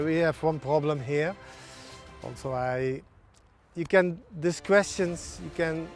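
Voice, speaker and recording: In a TV sports interview, a man who coaches a national team responds in hesitant non-native English, pausing often and using lots of fillers. His voice sits on the high side.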